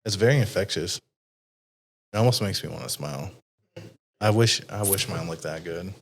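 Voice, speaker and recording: A man's voice: low voice, normal speed. A man hosting an interview podcast, talking casually and rambling with plenty of swearing. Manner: rambling, frequently swearing, many fillers. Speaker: podcast host. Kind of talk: casual conversational chat.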